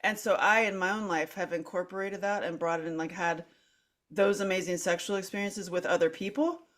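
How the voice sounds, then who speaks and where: A middle-aged woman hosts a candid podcast conversation, animatedly telling a personal story in a fairly low, fairly bright voice with mostly even intonation and a slightly quick pace. She leans on "like" constantly, restarts her sentences, acts out her own quoted lines, and laughs between and through her phrases.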